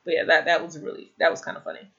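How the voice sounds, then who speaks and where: Racing along in a fairly bright tone, a young woman gives a rambling, casual recap of a TV episode. "Like" fills nearly every gap, and she keeps adding exasperated opinions. The lo-fi audio is a bit dull.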